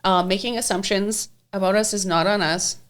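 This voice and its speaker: A woman's voice: mid-range voice, steady tone, normal speed, fairly bright tone. A young woman hosts a casual podcast conversation. She talks bluntly and freely, with plenty of swearing. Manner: blunt and profane. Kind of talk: casual chat.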